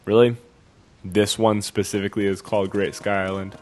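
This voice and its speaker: A man's voice: fairly low pitch, level tone, normal speed, a little mellow, slight background noise. A man giving casual, jokey let's-play commentary, wondering aloud as he plays a video game.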